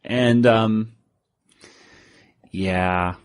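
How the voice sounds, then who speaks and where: A man co-hosting a podcast in casual chat, rambling through a comic recap and jumping into higher voices for quoted lines. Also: fairly even intonation, drawn-out words, no echo, clean studio sound. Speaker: podcast co-host.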